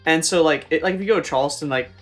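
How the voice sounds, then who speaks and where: A man's voice: fairly high pitch, rapid-fire, a bit bright, soft background music. A young man from the American South, co-hosting a game playthrough in rambling casual chat and laughing often. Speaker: co-host. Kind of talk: casual let's-play chat.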